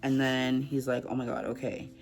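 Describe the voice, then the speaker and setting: A man's voice: medium pitch, completely flat delivery, moderate pace. A man casually recapping a novel's plot in a chatty, filler-heavy way. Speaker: book channel host. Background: background music.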